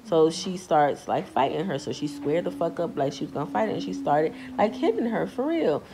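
A young woman speaks briskly over background noise, casually relating a storytime tale in slang with recurring filler phrases. She's animated, voicing the people she quotes in a high pitch.

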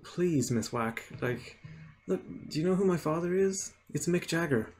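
A man's voice: on the high side, animated, a little slow, a little mellow, a little hiss or hum, voice pushed up. A man voicing a cheeky male frog who pleads with a bank teller, in a joke he tells on his stream. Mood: pleading. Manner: pleading, name-dropping.

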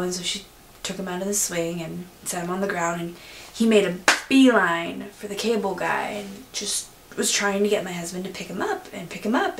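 A woman vlogger talks casually to her viewers, pausing often as she tells a story. Her voice has a gravelly edge. The sound is echoey, with a faint hiss behind it. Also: medium pitch. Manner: chatty, frequent "um" pauses, laughs through the story.

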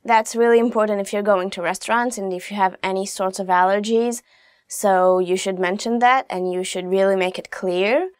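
A woman teaching phrases in a casual video lesson, chatty and quick to laugh, dropping into soft asides now and then. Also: mid-range voice, fairly even intonation, smooth, no room sound, studio quality. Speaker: language teacher.

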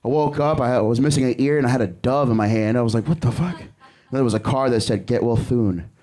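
A man's voice: medium pitch, fast, dark tone. A young man doing a crude, rambling stand-up set on a comedy club stage, breaking off to laugh at himself. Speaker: stand-up comic.

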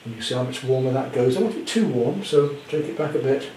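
A man demonstrating a painting at home, chatty with gentle self-deprecating humour. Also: medium pitch, lively intonation, quick pace, reverberant, slight background noise, poor audio. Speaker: art teacher. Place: indoor studio at home.

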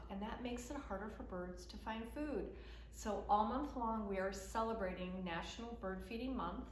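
Cheery story time lady reading to kids, roomy echo. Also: medium pitch. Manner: cheerful, sing-song, animated with children. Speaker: children's librarian. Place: library. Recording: echoey room with faint background noise.

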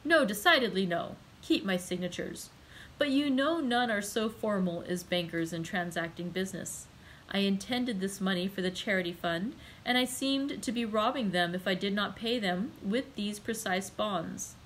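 A woman's voice: medium pitch, moderate pace, a bit bright, a little hiss or hum, natural voice, poor audio. A woman reading the lines of a nervous, greedy male banker who stammers and frets. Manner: stammering, flustered.

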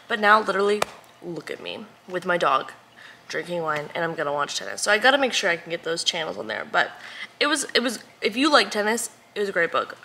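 Young woman vlogging at home, bright chatty voice, little whispered asides, faint room hum. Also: mid-range voice. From Texas. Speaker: book vlogger. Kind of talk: casual chat to camera. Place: at home indoors.

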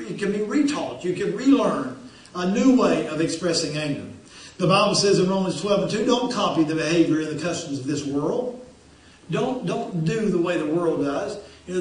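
A man's voice: high-pitched, darkish tone. A man preaching a sermon as pastor, folksy and repeating phrases for emphasis. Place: church sanctuary. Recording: very echoey church hall, distant.

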